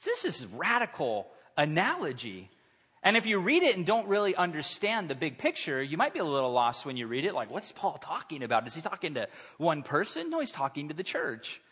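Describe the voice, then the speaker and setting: A man in his thirties preaches with a lively, swooping delivery, slipping into quoted voices as he goes. His tone is bright and slightly husky. The sound rings with the long reverb of a large church sanctuary. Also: on the high side, brisk. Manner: animated, conversational preaching with acted-out quotes. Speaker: pastor. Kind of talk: sermon.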